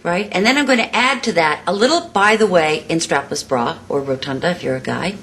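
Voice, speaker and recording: A woman's voice: lowish voice, brisk, fairly bright tone, breathy edge. A woman vocal coach giving a singing lesson, explaining exercises and demonstrating them. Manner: demonstrative, sings exercise syllables between explanations.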